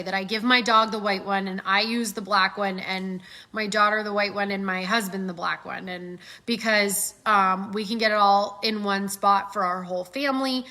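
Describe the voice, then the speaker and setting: A middle-aged woman giving casual sales coaching, animated and acting out customer voices as she talks. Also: medium pitch. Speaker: sales trainer.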